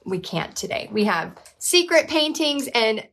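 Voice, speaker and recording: A woman's voice: very animated, measured pace, vocal fry, a bit bright. A woman, hosting a live painting class from her home art studio in a chatty, upbeat way. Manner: chatty, upbeat, talks to her dog in a high baby voice. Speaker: painting instructor and host. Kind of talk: casual live-stream teaching.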